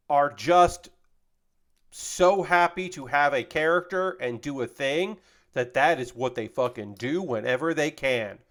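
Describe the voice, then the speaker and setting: Building LEGO on a live stream, a man with a voice on the high side chats casually, rambling and cursing freely while reading chat messages aloud.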